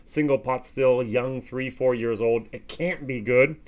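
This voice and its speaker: An American man giving a casual whisky tasting review, with animated, expressive reactions and plenty of fillers. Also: medium pitch, measured pace, highs cut off. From United States.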